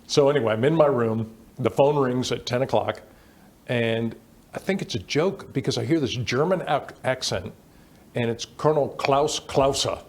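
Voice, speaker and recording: A middle-aged man recounting his past as an interview guest. He tells animated anecdotes and slips into the voices of the people he quotes. His voice sits at an ordinary male pitch. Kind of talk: storytelling in a conversational interview.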